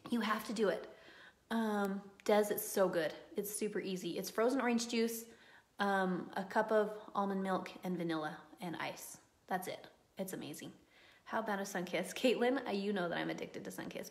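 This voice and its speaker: A woman's voice: fairly high pitch, reverberant. A woman running a live online class, chatting, reading viewer comments and cheering students on in a gushing, motivational way. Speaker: online course instructor.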